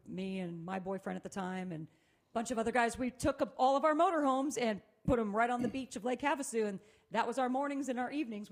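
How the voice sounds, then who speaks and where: A middle-aged woman co-hosting a casual chat, telling lively stories and laughing often. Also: medium pitch. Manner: animated storyteller, laughs often. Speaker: co-host.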